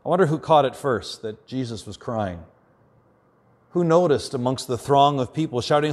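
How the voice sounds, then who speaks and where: Earnest man preaching a sermon. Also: mid-range voice. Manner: earnest, dropping quiet and slow for emphasis. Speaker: pastor.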